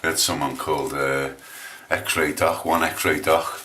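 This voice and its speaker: An English man with a low voice chatting casually while he shaves on camera, rambling and hesitant with lots of restarts. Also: flat delivery, measured pace, sharp tone, slight background noise. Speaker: shaving vlogger.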